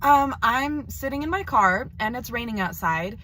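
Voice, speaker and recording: A woman's voice: fairly high pitch, animated, normal speed. Chatty teen girl in a parked car. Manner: rambling and chatty, full of "like". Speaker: video pen pal. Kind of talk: casual video message.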